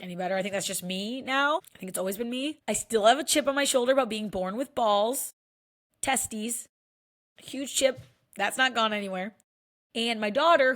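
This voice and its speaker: A woman's voice: medium pitch, fairly bright tone. A woman in her thirties talking candidly to camera in a casual personal vlog, chatty and full of "like" fillers. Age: 30s. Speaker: vlogger.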